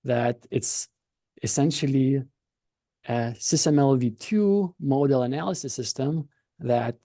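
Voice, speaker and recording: A man's voice: medium pitch, dark tone, no room sound. A man with a Lithuanian accent, a podcast guest and company founder, explaining his work in a thoughtful, conversational way, often restarting his sentences.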